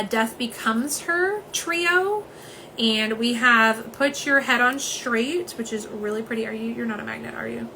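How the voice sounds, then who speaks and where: A woman's voice: on the high side, pushed and bright, slight background noise, poor audio. Chatty woman hosting a livestream. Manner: chatty, many "um"s, says "y'all". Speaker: nail polish livestream host. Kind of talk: casual livestream chat.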